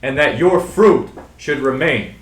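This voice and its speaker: A man slowly reading scripture aloud in a measured way. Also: medium pitch, lively intonation, reverberant, rough recording.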